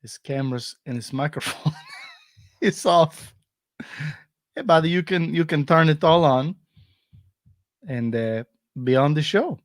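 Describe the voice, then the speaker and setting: A man's voice: on the high side, measured pace, pauses often, no echo, clean studio sound. A man hosting a casual live-stream comedy chat, playful and joking, laughing often. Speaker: host.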